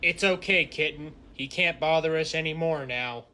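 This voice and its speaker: A man's voice: on the high side, normal speed, bright, forceful tone, a little hiss or hum. A man voicing a cocky, threatening sheriff in a western roleplay game skit.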